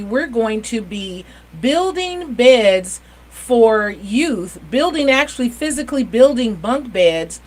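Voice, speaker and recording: A woman hosting a community TV show, talking in a chatty, enthusiastic way with quick asides. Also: on the high side, rough recording. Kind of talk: casual interview chat.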